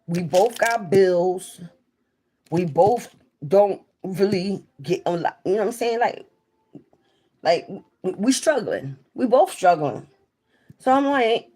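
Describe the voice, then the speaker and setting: A woman's voice: medium pitch, animated, slow, long pauses, dark tone, breathy edge. A young woman from South Jersey with a South Jersey accent, chatting candidly and rambling on a casual livestream. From South Jersey, USA. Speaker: livestream host.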